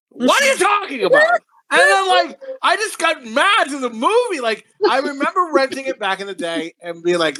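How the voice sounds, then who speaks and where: Excitable, ranting man with a lively voice. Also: very high-pitched, rough recording. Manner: rambling, profane, excitable ranting. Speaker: podcast co-host. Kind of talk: casual podcast chat.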